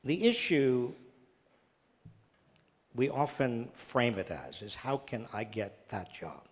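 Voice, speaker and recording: A man speaks at a public talk in a large church hall and answers audience questions, earnest and emphatic, repeating phrases for stress. His mid-range voice is slightly rough and slow, with big pitch swings, and the hall is reverberant.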